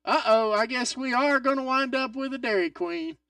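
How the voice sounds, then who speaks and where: A man hosting a live wrestling watch-along stream, excitable and swearing, swinging from loud outbursts to mutters. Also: extremely high pitch, moderate pace, dry recording, studio quality, distant mic.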